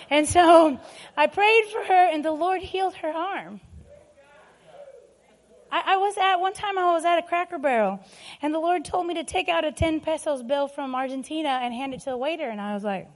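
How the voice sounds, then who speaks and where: A woman's voice: very high voice, brisk. A middle-aged woman preaching a sermon, telling personal stories emphatically and laughing often.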